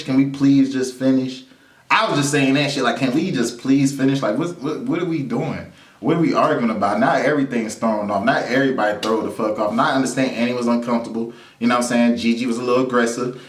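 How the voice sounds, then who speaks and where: Man, vlog storyteller, casual and animated, lowish voice, echoey room, mic a bit far. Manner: loose, animated storytelling with frequent laughs and repeated phrases. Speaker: vlog host telling personal stories. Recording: roomy sound from a distance to the mic.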